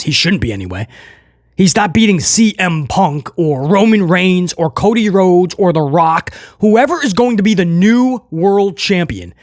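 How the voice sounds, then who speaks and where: A man reviewing a wrestling show in casual commentary, animated, laughing often and addressing viewers directly. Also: high-pitched, no echo, clean studio sound.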